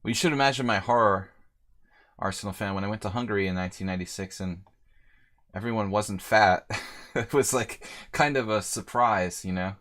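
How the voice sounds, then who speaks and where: Fairly low in pitch but a bit bright, this middle-aged man from the United States speaks fairly quickly while streaming a chess match. He thinks aloud and jokes casually with chat as the game goes on.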